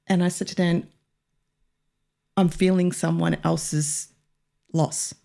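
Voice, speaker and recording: A woman's voice: lowish voice, level tone, vocal fry, mellow. A woman co-hosting a radio chat, talking in a reflective and emotional way about her own experiences. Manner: emotional, reflective, slow in places. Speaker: radio co-host.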